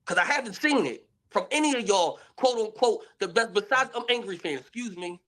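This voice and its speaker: A man's voice: high voice, expressive, brisk, bright, forceful tone. A man ranting in a casual vlog clip, blunt and profane, heavy on street slang. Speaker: battle rapper and tournament host.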